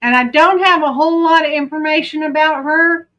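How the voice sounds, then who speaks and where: A woman's voice: sits high, fairly even intonation, fairly quick, a bit bright, low-quality recording. A woman with a Southern accent giving casual true crime commentary, chatty and often breaking off to aside. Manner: chatty, self-interrupting.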